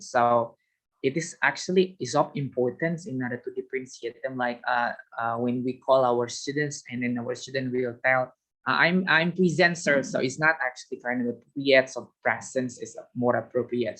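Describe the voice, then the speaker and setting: A non-native English-speaking man whose first language is Indonesian, giving a loose, unscripted lecture to fellow teachers. He pauses often on fillers, restarts his sentences and phrases things in a non-native way, at a medium pitch. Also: a bit bright, rough recording. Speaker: teacher trainer. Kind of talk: informal lecture on teaching listening.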